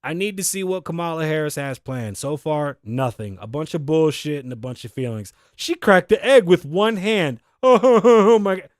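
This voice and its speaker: A middle-aged man hosts his podcast in a high, lively voice, ranting and cursing through casual commentary. He wheezes a little as he talks. The recording is close and dry. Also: moderate pace, hardly any pauses, no room sound. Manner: profane, animated, ranting. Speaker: podcast host.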